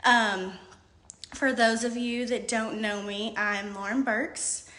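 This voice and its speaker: A woman's voice: fairly high pitch, fairly even intonation, slow, fairly bright tone, reverberant. A woman, talking nervously and rambling on a live video, holding back tears. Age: late 20s. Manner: nervous, rambling, says um often. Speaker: hairstylist and product seller.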